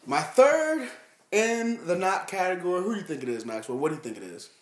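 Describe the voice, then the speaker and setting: A man co-hosting a casual sports talk show, animated and mocking, full of slang. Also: high-pitched, fairly quick. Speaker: podcast co-host.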